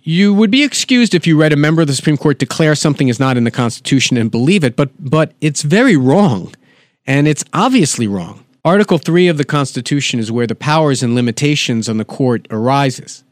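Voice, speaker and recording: A man's voice: fairly high pitch, expressive, a little fast, no echo, studio quality. A man hosting a political podcast, delivering sardonic commentary and reading quotes aloud with asides. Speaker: podcast host.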